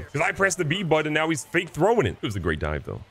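A man's voice: a little high, sing-song, quick pace, hardly any pauses, a bit bright, slight background noise. A young man giving casual, playful commentary while playing a baseball video game, boasting and mocking himself as he goes. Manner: playful, boastful, self-mocking trash talk. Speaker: gaming YouTuber.

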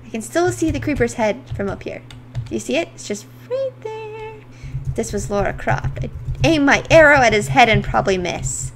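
A woman streaming a video game, chatting to viewers and squealing with excitement during the action. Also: on the high side, brisk, a little hiss or hum. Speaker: gaming streamer. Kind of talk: casual game commentary.

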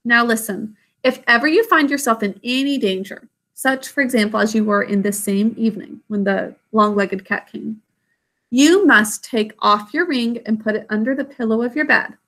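Woman playing a gentle old grandmother, calm, measured, reassuring. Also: a little high.

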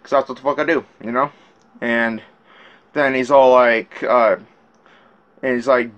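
On a muffled recording, a man with a medium-pitched, fairly bright voice talks at a measured pace, pausing often, his intonation fairly even. He recounts messages from a rap feud in a casual, rambling rant, swearing a lot and restarting sentences frequently.

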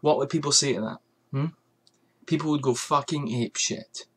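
A man's voice: mid-range voice, normal speed, husky. A man ranting angrily on his vlog about a perfume brand, swearing often and firing off rhetorical questions. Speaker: fragrance reviewer.

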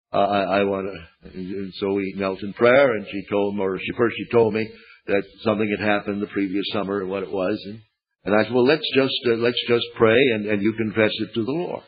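Older American preacher, folksy and plainspoken, slightly husky voice, lo-fi old sermon recording. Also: male voice, lowish voice. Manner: folksy storytelling, plainspoken humor. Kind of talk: sermon with storytelling. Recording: dull lo-fi archival sermon tape.

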